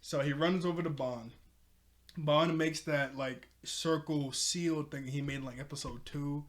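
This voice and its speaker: A young man talks through an anime episode in a loose, rambling recap. He leans on "like" and "you know" constantly and sounds like an eager fan. His voice sits a bit on the high side. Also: steady tone, a little slow. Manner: enthusiastic fan. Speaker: anime reviewer.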